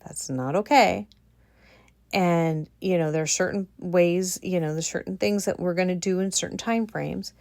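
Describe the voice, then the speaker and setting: A woman giving a casual commentary monologue on her channel, animated and incredulous, repeating her points for emphasis. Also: lowish voice, normal speed, creaky, no room sound. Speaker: vlogger.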